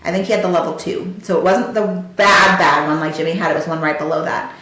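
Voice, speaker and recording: A woman's voice: fairly low pitch, steady tone, fast, a bit bright. A woman hosting a podcast, telling a personal story in an emotional, conversational way full of "you know" and "like". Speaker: podcast host. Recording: very echoey room.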